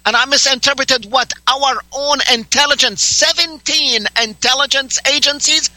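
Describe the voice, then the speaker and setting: A man's voice: extremely high pitch, normal speed, sharp tone, no room sound, poor audio. A male radio talk show host arguing heatedly with a caller, interrupting and demanding answers in a sarcastic tone. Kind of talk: heated on-air argument with a caller.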